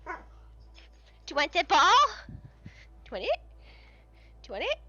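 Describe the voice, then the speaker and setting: A woman's voice: sits high, wildly swooping pitch, normal speed, bright, forceful tone, no room sound, dull audio. A woman streamer chatting casually on a live stream, swearing freely and cooing baby talk at her dogs.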